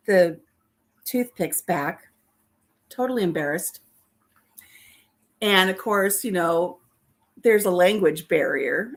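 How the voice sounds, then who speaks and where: A middle-aged woman vlogging from her home kitchen, telling self-deprecating stories to her viewers and laughing often. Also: mid-range voice. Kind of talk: chatty storytelling to live viewers.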